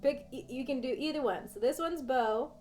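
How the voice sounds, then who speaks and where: A woman's voice: sits high, normal speed, a little mellow, faint music behind. Playful laughing woman streamer. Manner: playful, laughs often, chatty with viewers. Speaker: livestreamer. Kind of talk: casual let's-play chat.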